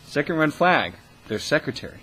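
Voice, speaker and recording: A man's voice: a little high, big pitch swings, fairly quick, bright, forceful tone, slight background noise, poor audio. A young man talking into the camera in a casual vlog, ranting with scorn and constant swearing. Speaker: vlogger.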